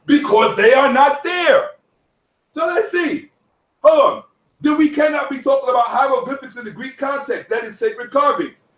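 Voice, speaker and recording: A man giving heated commentary on other online creators, boastful and profane, sometimes shouting. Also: extremely high pitch. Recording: echoey room, distant from mic, dull audio.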